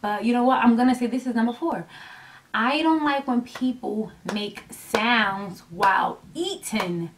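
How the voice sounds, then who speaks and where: A woman vlogging to her camera in a casual, animated way, blunt and emphatic with some swearing, rambling as she loses her thread. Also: a little high, measured pace, slight background noise. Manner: rambling and chatty, losing her train of thought. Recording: voice a little distant from the mic.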